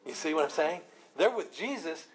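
A man teaching an informal Bible study. He is animated, often repeats and restarts words, and laughs a lot. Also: fairly high pitch, moderate pace, slight background noise, low-quality recording.

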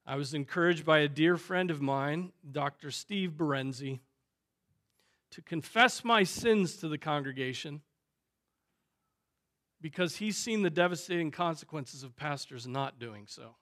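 A male pastor preaching a sermon, emphatic, piling up phrases and swinging in loudness. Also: a little high, lively intonation, measured pace. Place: church sanctuary.

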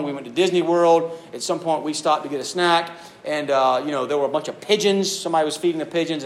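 A man preaching to a youth group, telling stories and acting out voices with animated delivery. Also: fairly high pitch. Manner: animated storytelling, acts out voices. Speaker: youth speaker. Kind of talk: youth sermon.

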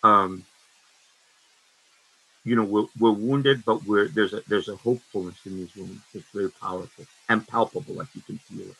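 A man in his sixties shares his recovery story at a meeting. His voice is low, husky and pressed hard, with a sharp, tense edge. He talks frankly and circles back, restarting his sentences often. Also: steady tone, poor audio. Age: 60s. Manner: halting, frank and rambling, with many restarts. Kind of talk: personal testimony at a meeting.

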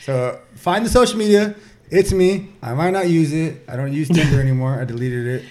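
A man's voice: fairly high pitch, brisk, dark tone. A tipsy man co-hosting a podcast, chatting eagerly with some swearing. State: tipsy from drinking. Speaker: podcast co-host. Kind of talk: casual chat.

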